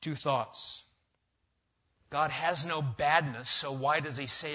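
A man preaching a sermon, emphatic, swinging from loud stressed words to quiet asides. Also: a little high, slow pace. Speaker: pastor. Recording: dull lo-fi sound.

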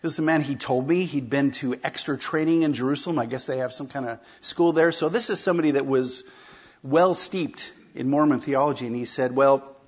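A pastor preaching a sermon in a conversational way, often asking the congregation rhetorical questions. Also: male voice, mid-range voice, a little fast, slightly rough, muffled recording.

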